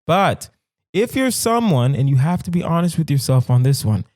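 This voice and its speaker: A young adult man hosting a podcast, riffing on a hypothetical in an animated, emphatic comedic monologue. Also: a little high, moderate pace, no echo, studio quality. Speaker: podcast host.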